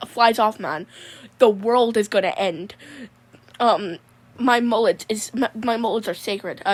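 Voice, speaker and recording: A woman's voice: on the high side, natural voice. A woman doing a drawling mullet-haired dude. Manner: drawling, rambling, keeps saying "mon". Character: goofy laid-back young guy with a mullet. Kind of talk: comedic character monologue.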